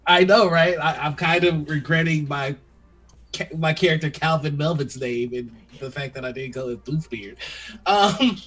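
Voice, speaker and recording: A man's voice: on the high side, moderate pace, fairly bright tone, rough recording. A man hosting a casual interview chat, upbeat and laughing often. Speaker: host.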